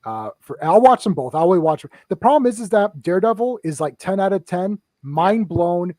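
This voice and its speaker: A man hosting a casual podcast chat, telling stories in an excitable, self-mocking way. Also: high-pitched, normal speed, dry recording, studio quality. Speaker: podcast host.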